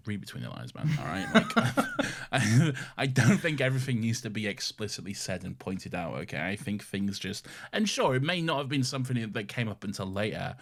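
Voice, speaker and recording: A man's voice: on the low side, sing-song, normal speed, hardly any pauses, a bit bright. A man co-hosting a podcast, chatting casually and defending his opinions emphatically, often ending with "okay?". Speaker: podcast co-host. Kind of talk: casual chat.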